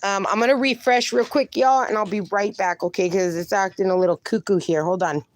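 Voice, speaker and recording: A woman hosting a casual phone livestream at home, chatting warmly with viewers and calling them darling and honey. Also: medium pitch, fairly even intonation, brisk. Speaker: livestream host. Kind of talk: casual livestream chat, reading chat aloud.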